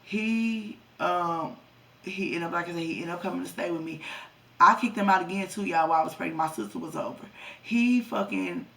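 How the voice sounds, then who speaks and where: Young woman vlogger with a gravelly, creaky voice, blunt and profane, speaking a bit off-mic. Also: on the low side, brisk, fairly bright tone, recorded from a distance. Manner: profane, blunt storytelling, talks to viewers as y'all. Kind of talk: storytime vlog.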